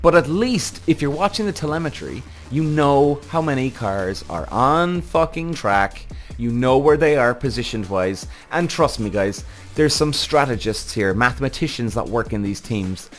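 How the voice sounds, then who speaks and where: A man's voice: mid-range voice, lively intonation, moderate pace, faint music behind. A man hosting a podcast, ranting heatedly with lots of swearing in casual commentary. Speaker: podcast host.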